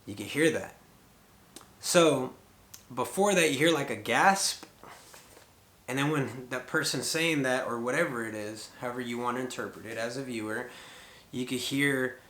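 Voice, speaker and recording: A man's voice: mid-range voice, unhurried, long pauses, fairly bright tone, roomy sound. A middle-aged man telling a rambling story to the camera, full of fillers as he retells conversations. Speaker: paranormal vlogger.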